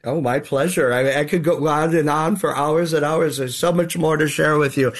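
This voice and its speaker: A man's voice: a little high, normal speed. An older man and drag performer speaking as an interview guest, talking in a theatrical, wistful and self-deprecating way. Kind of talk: radio interview.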